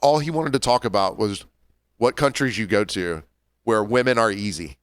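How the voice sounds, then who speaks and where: A man's voice: on the low side, normal speed, clean tone, no echo. A man co-hosting a podcast, telling rambling anecdotes in casual banter. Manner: rambling anecdotal storyteller with restarts. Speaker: podcast co-host, bartender.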